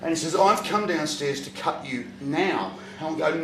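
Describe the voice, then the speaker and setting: A man telling a profane stand-up story, breaking into loud shouts at punchlines. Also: on the high side, animated, measured pace, crowd noise. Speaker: stand-up comedian. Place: comedy venue stage, audience laughter. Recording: echoey live venue from far off.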